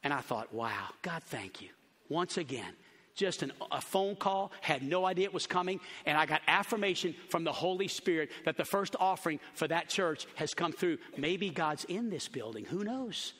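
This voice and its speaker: A man preaching a sermon to his church, telling stories and acting out the voices of the people in them, shouting at the high points. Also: animated, moderate pace. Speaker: pastor. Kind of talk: sermon storytelling. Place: large church auditorium. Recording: long hall reverb.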